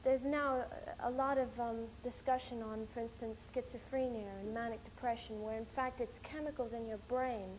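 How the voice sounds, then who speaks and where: Young woman, lively rambling chat, bit high-pitched, faint hiss behind. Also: moderate pace, few pauses, poor audio. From United States. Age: young adult. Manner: animated, rambling storyteller with many fillers. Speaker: interviewee, documentary film-maker. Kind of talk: casual chat.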